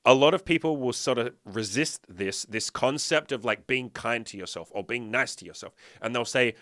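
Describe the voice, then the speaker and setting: A man talks straight to his viewers in a blunt, swearing, emphatic way and keeps hitting them with rhetorical questions. His pitch sits in an ordinary middle range for a man. The recording is dry, with almost no room sound. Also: normal speed, hardly any pauses, a bit bright, no echo. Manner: blunt, profane, emphatic lecturing. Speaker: dating and fitness coach. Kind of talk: direct-to-camera motivational talk.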